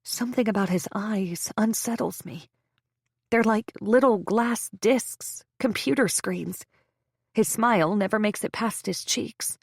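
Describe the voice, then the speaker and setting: A woman narrating a first-person story in a measured, tense way. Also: medium pitch, slightly rough, dry recording, studio quality.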